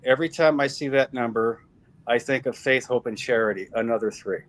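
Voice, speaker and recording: A man's voice: medium pitch, brisk, a little hiss or hum, rough recording. Middle-aged man, interview guest, earnest testimony, leans hard on repeated words. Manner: emphatic storytelling with repeated phrases. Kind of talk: personal faith testimony.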